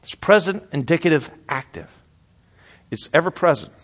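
A man preaching a sermon in an earnest way, rising to loud emphasis and then dropping to a hushed, quiet voice. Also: fairly high pitch, animated, normal speed. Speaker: pastor.

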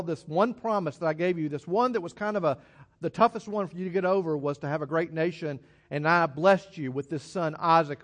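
Man, fairly high voice, preacher, reads a bible passage then explains it, chatty and emphatic. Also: fairly bright tone. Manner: conversational, emphatic, with chuckles and restarts. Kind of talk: sermon reading and expounding scripture.

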